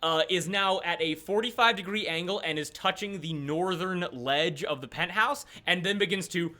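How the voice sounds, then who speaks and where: A young man narrates a tabletop game as its game master. His voice is bright and forceful and sits somewhat high for a man. He narrates with animation but keeps stumbling through fillers and restarts. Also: normal speed, a little hiss or hum.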